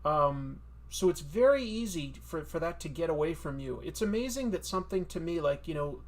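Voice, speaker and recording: A man's voice: a little high, animated, normal speed. Man, casual, rambling, self-deprecating, stream host. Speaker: comic artist streamer.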